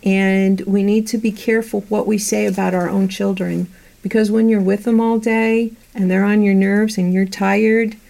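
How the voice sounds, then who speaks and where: A middle-aged woman preaching to a group in a meeting room, earnest and conversational, with lively anecdotes. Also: mid-range voice, gravelly, poor audio. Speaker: Bible teacher. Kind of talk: sermon to a women's group.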